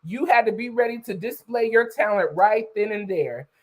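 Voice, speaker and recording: A woman hosting a live stream, telling a long story to her viewers in an easygoing, conversational way. Her voice hasn't warmed up yet, and she keeps tagging her lines with "you know" and "okay?" and breaks off now and then to greet people in the chat. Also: medium pitch, moderate pace, low-quality recording. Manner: greets viewers by name while talking. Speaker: livestream host. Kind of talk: casual livestream storytelling.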